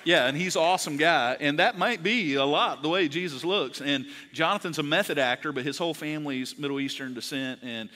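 A man preaching in a large church auditorium, his bright, forceful voice sitting a little high for a man. He talks in a loose, joking, conversational way, then presses his points with conviction. A long hall reverb trails every phrase. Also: a little fast, hardly any pauses. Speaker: pastor. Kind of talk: sermon.

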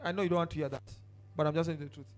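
A pastor whose voice runs on the high side preaches very fast, keeping a steady tone. His sermon jumps between shouted outbursts and soft asides, and he directs the congregation to turn to their neighbors.

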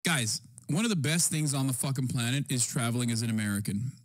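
A man in his thirties streaming, reacting to clips in casual chat with loud, profane, animated riffing. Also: medium pitch, quick pace.

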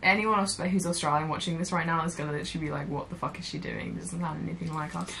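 A woman talks casually in a lower-pitched voice, joking around in a playful way. A faint hiss of noise sits under her voice. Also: fairly even intonation, fast talker, creaky, pushed and bright. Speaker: vlogger's cousin. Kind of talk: casual chat.

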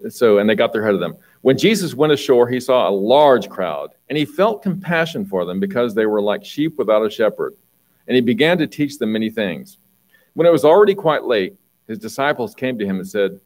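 A man preaching a conversational sermon, reading Bible passages and explaining them, often clearing his throat. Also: mid-range voice, very animated, a little fast, a little mellow, poor audio.

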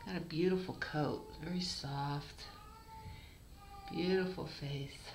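A woman's voice: low-pitched, fairly even intonation, takes it slowly, long pauses, a little hiss or hum. A woman breeder filming her kittens, talking casually and cooing to them in a small bathroom. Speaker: cat breeder. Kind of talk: casual video narration. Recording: echoey bathroom, mic far off.

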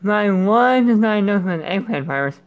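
On his gaming channel, a man gives casual let's-play commentary in a high, animated voice at a moderate pace. He's rambling and goofy and keeps breaking off mid-thought, and the highs in the recording are cut off.

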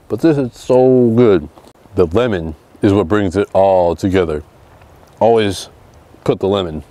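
Upbeat male outdoor vlogger, low and warm, talking through his cooking on the shore. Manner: upbeat, chatty, narrating as he cooks. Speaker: fishing vlogger. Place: outdoors on a seashore.

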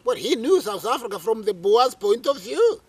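Man telling a lively story. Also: very high voice, normal speed, slightly rough. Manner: animated, repeats phrases for emphasis. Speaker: interview guest. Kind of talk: storytelling in a conversation.

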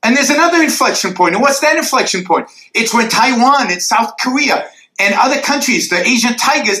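High, bright-voiced man lecturing emphatically. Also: expressive, fairly quick, echoey room, low-quality recording. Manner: emphatic, drawing graphs in the air for the audience. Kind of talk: lecture Q&A answer. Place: university lecture hall.

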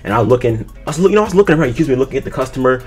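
A young man telling a story to camera in a casual storytime vlog, animated and swearing freely. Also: mid-range voice, racing, soft background music. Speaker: gaming YouTuber.

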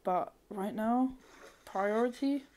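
A woman giving casual let's-play commentary, thinking aloud, swearing freely and breaking into sudden excited squeals. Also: on the high side, slow pace. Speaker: gamer.

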